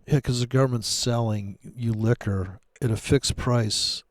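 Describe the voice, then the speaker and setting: A man's voice: mid-range voice, fairly even intonation, unhurried, dry recording, studio quality. A man giving rambling, sarcastic, profane commentary while trading live. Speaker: day trader streaming live.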